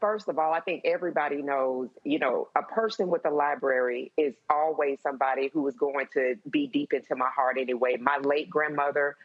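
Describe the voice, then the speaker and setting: Woman panelist, heartfelt, halting, low voice, dull lo-fi line. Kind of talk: emotional panel talk.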